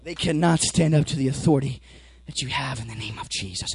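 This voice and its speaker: A teenage boy preaching a sermon, swinging between shouted exhortation and quiet low explanation, acting out little scenes. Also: fairly quick, hardly any pauses, slightly rough, no room sound, low-quality recording. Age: teens. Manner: acts out dialogue with the devil and watchmen.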